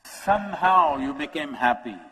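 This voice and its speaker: A man giving a public talk at a conference. He is animated, asks rhetorical questions and speaks straight to the audience. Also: fairly high pitch, moderate pace, husky. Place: large conference hall. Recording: long hall reverb.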